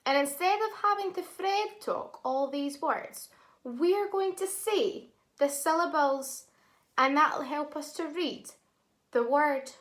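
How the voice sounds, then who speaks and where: A woman teaching a phonics lesson to young children, sounding out words syllable by syllable and praising them warmly. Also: sits high, slow pace.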